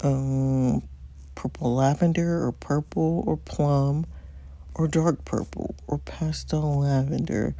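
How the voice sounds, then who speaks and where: A woman's voice: deep voice, fairly even intonation, takes it slowly, creaky, dark tone, no echo. Chatty gamer girl picking outfits and hair, lots of ums n laughs, dry close mic. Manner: chatty, laughs often, thinks aloud with ums. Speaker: gaming channel host. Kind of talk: casual let's-play commentary.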